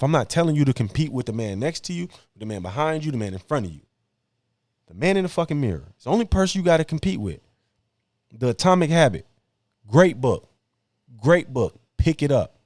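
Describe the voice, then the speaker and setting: On his podcast, a young male host speaks bluntly in slang, preaching hard-work advice to other men in a casual debate that turns into a preachy monologue. His mid-range voice has a darkish tone. The clean studio sound has no room sound.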